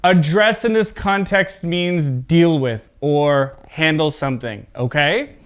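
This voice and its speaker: A man's voice: a little high, takes it slowly, smooth. A man teaching an English pronunciation lesson. He is patient, often checks in with "okay?", and exaggerates word stress in his examples.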